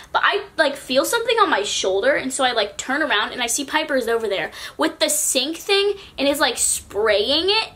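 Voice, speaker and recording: A woman's voice: on the high side, bright, forceful tone. A teenage girl from California telling a storytime vlog in a chatty way, filling her sentences with "like". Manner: chatty, peppers speech with "like". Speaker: vlogger.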